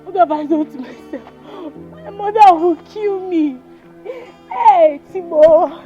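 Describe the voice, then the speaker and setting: A woman's voice: extremely high pitch, takes it slowly. A young woman with a Nigerian English accent acting in a film drama, playing a young woman who pleads and begs. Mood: distraught. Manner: pleading, begging. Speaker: actress playing Amaka, a young woman pregnant by her sister's fiance. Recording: dull film audio with music behind.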